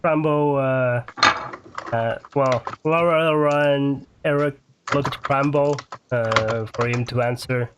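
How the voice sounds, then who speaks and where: Male game master, slow, hesitant, mid pitch. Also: steady tone, background noise. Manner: hesitant, many fillers. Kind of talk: narrating a tabletop game.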